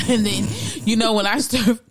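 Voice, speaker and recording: A woman's voice: a little high, fairly even intonation, unhurried, no room sound, clean studio sound. A young mother chatting casually, plainspoken and explaining her side of the story. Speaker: co-host, mother. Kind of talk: casual chat.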